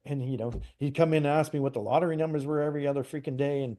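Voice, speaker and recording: A Canadian man with a warm, fairly high voice tells a casual story at rapid-fire speed as an interview guest who works as a psychic medium. He retells events animatedly, acting out quoted dialogue, saying "like" often, and restarting sentences.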